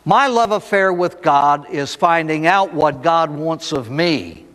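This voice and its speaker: A man's voice: fairly high pitch, expressive, slow, a bit bright. A man, a priest, giving a recovery talk to an audience, telling folksy stories and asking rhetorical questions. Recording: echoey hall recording.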